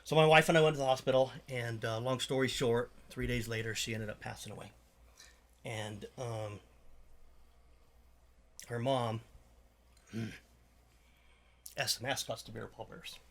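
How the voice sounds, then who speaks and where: A middle-aged man who founded a charity, telling an emotional story in an interview, halting with frequent fillers and restarts. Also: medium pitch, fairly even intonation, fairly bright tone.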